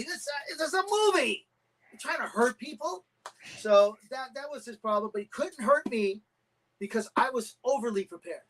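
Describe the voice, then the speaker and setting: A middle-aged man, a karate champion guest, telling animated stories and acting out quotes in a casual interview. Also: very high voice, moderate pace, rough recording. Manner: animated anecdotes with acted-out quotes.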